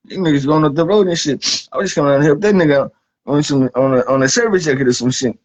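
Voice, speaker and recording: A man's voice: a little high, fast. A man delivering a rambling, profane comic monologue, saying "man" at the end of nearly every line. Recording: dull lo-fi recording.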